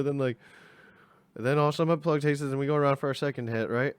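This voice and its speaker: A young man spins a casual story time in a rambling, slangy way, dropping into quick impressions of his friends. His voice sits at an ordinary middle pitch. The sound is close and dry, with no room around it. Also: steady tone, clear, resonant tone, no echo.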